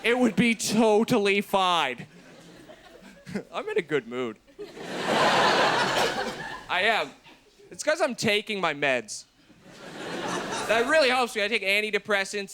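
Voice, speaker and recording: A man in his thirties delivers a dark stand-up comedy set in a strikingly high voice. He stays deadpan, mutters his asides and shouts out his punchlines. The stage mic picks up clear background noise around him. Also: slow, pauses often. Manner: drops to a low mutter for asides. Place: comedy stage before a live audience.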